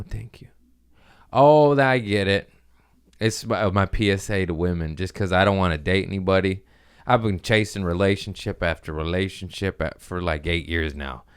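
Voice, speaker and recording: A man's voice: fairly low pitch, gravelly, smooth. A young man hosting his own podcast, rambling in crude, self-mocking casual chat. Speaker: podcast host.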